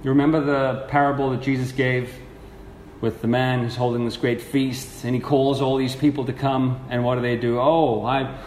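A man delivers a sermon in an echoey hall with a long reverb tail. His pitch sits in the middle range, and his delivery is earnest and animated. He voices the figures he quotes, with faint room ambience behind him. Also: moderate pace, slight background noise. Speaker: preacher.

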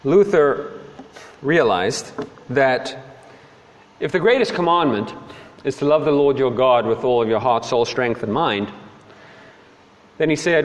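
A man preaching a sermon as a dramatic storyteller, swinging between hushed and emphatic. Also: mid-range voice, expressive, measured pace, pauses often. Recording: long hall reverb.

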